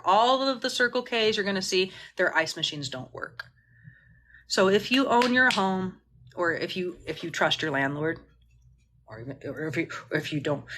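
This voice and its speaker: A woman's voice: medium pitch, pushed and bright. A woman mutual aid organizer on a phone livestream, talking passionately and indignantly, swearing freely and rambling with restarts. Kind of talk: livestream Q&A rant.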